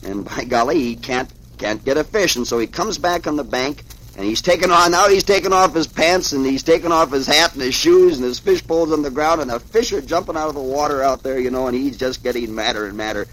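A man's voice: mid-range voice, a little fast, a bit bright, low-quality recording. A man, reading comic strips aloud to a child in a chatty, folksy way. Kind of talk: folksy read-aloud storytelling.

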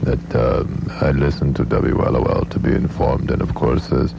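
A man voicing a pompous elderly male statesman with a German accent, slow, low and self-important, in a comedy radio bit. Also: flat delivery, vocal fry, background noise, full character voice. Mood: droning. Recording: dull lo-fi radio broadcast.

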